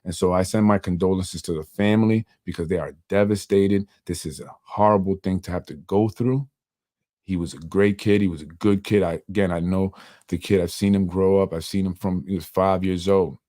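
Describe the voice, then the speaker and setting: A man's voice: deep voice, fairly even intonation, moderate pace, mellow, dry recording, clean studio sound. A middle-aged man from New York hosting a solo podcast, talking in an earnest, rambling way with many fillers and an emotional edge. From Yonkers, New York. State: emotional, voice softening. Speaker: podcast host and community organizer.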